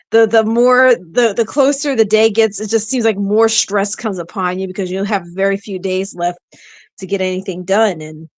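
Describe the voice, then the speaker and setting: A woman's voice: medium pitch, no echo. A tired woman venting on a stream in a casual, rambling way, full of fillers and restarts. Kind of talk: casual chat. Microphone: streaming setup.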